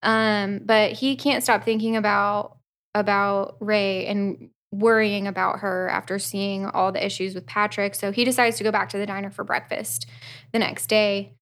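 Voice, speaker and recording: A woman's voice: mid-range voice, flat delivery, normal speed, fairly bright tone. A woman co-hosting a podcast, recapping a book in casual chat with a wry, self-deprecating humor and frequent laughter. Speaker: podcast co-host.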